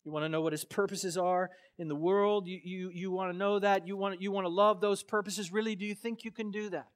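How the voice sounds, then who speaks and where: A male pastor from Florida preaching a sermon with passion, swinging from quiet, low phrases to loud outbursts, then telling a personal story casually with many fillers. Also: steady tone, a little fast, smooth.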